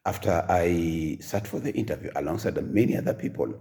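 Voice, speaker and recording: An older man with a Kenyan accent telling his own life story in a halting, soft-spoken way, with many pauses and fillers. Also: deep voice, lively intonation, vocal fry.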